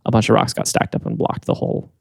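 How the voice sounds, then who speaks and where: A man's voice: fast, darkish tone, no echo, studio quality. A man co-hosting a casual comedy podcast, telling a story with frequent ums and bursts of laughter. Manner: laughs often, many ums and restarts.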